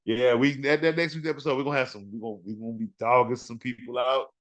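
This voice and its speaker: A man's voice: mid-range voice, quick pace. Guy hosting a fantasy football podcast, hyped and trash talking, says stuff over and over for emphasis. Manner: animated, trash-talking, repeats words for emphasis. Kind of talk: casual sports podcast talk.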